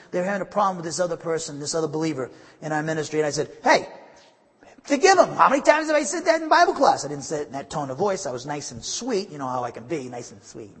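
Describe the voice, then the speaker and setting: A pastor preaching with emphatic, conversational asides, his voice a touch high and husky. The sound carries a long reverb, as in a church hall. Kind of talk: sermon.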